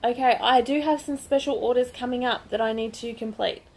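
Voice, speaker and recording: A woman's voice: on the high side, steady tone, fairly quick. Chatty Australian woman, a bit under the weather. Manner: chatty and gushing, with restarts. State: a bit sick, voice not projecting. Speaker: crochet vlogger. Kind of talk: casual vlog chat.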